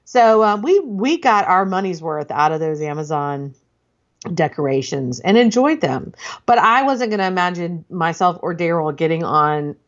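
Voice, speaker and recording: Middle-aged lady co-hosting, rambly storyteller, lowish voice, kinda muffled lo-fi sound. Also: animated, normal speed. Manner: chatty storyteller, rambling with laughs and restarts. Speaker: podcast co-host. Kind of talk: casual chat.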